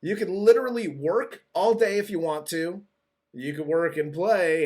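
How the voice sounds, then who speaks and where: A man's voice: high voice, normal speed, darkish tone. A man co-hosting a casual movie review, recapping the plot in a loose, rambling way with restarts. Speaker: podcast co-host.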